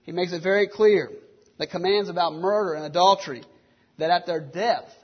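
A man's voice: sits high, moderate pace, husky, dull audio. A man preaching a sermon, earnest and driven by rhetorical questions. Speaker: pastor.

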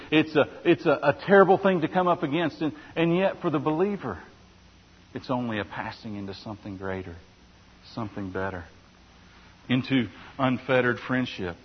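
A man's voice: mid-range voice, husky. Earnest male pastor in echoing hall. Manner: earnest preaching with many restarts and rhetorical questions. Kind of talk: sermon. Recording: dull sound with long hall reverb.

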